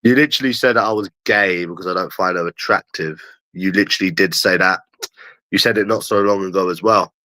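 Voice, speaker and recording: A man's voice: sits low, fairly quick, pushed and bright, dry recording. A young man with a London accent, ranting in a taunting live stream and jeering at someone over and over. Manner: mocking, repetitive jeering.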